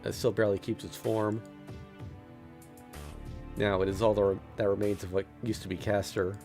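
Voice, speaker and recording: Low-voiced man narrating a visual novel. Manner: steady narration with small stumbles and laughs. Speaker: streamer reading a visual novel aloud.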